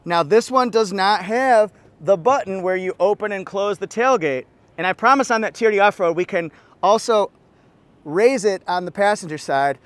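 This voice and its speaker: A man's voice: sits high, normal speed, no echo. A man giving a walkaround car review, upbeat and playful with jokey asides.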